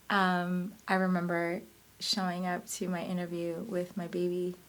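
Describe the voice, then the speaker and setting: A woman's voice: medium pitch, fairly bright tone. A woman in her thirties telling her life story in an interview, earnest and emotional, often laughing as she speaks. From United States.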